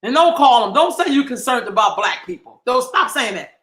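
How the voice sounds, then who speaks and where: A man's voice: extremely high pitch, very animated, moderate pace, fairly bright tone, roomy sound. A man hosting a livestream, delivering an impassioned, heated monologue full of profanity and emphatic repetition. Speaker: livestream host.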